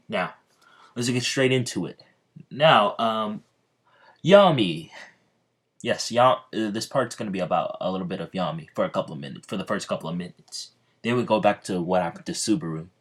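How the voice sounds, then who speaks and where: A man's voice: low voice, lively intonation, fairly quick, husky. A man telling a fan-made story in a hesitant, rambling way, full of ums and restarts. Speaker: channel host.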